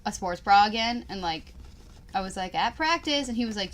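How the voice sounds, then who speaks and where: With a mid-range voice and a slightly quick pace, this young co-host launches into a lively, profane story on the podcast, peppered with "like."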